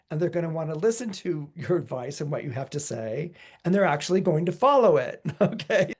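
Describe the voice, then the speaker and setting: Chatty male astrologer telling stories. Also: a little high. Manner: lively storyteller who acts out quoted voices; loose and chatty, with many "you know" fillers. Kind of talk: podcast astrology forecast.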